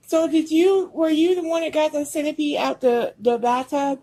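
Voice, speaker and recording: High-voiced woman teasing at home. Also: steady tone, measured pace, poor audio. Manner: loud, laughing, teasing. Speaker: sister in a home video. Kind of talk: casual chat. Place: home kitchen.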